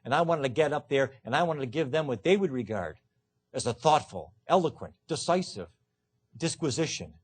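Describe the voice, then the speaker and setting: A man gives a law lecture to a live audience, with punchy, emphatic delivery and dry self-mocking asides. His voice is husky and mid-pitched. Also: expressive, normal speed. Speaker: law professor. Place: lecture hall.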